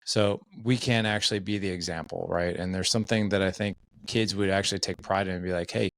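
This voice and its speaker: A man's voice: deep voice, fairly even intonation, fairly quick, vocal fry, a bit bright, no room sound. A man hosting a podcast in casual conversation, upbeat and affirming, asking curious questions. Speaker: podcast host.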